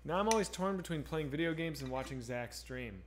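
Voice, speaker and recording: A man streams a game and reads his chat, rambling to viewers in a profane, candid, casual way. His voice is on the high side, expressive and brisk, with a little hiss or hum in the recording.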